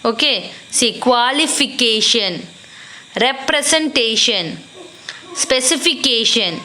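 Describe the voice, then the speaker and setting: Slow-paced Indian woman teacher. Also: fairly high pitch, lively intonation, sharp tone. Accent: Indian English. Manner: slow, drawn-out word-by-word dictation to children. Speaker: school English teacher. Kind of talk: classroom lesson.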